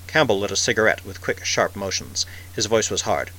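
Male narrator, scripted audiobook reading, measured and vivid, bright tone. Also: fairly low pitch, animated, rough recording.

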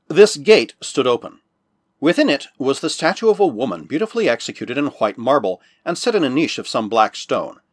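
A man narrating an old adventure novel with a husky, slightly breathy voice. His pitch moves a lot, rising and falling through each sentence. The recording is dry and close. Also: dry recording. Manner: measured storytelling with lively rises and falls. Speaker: audiobook narrator.

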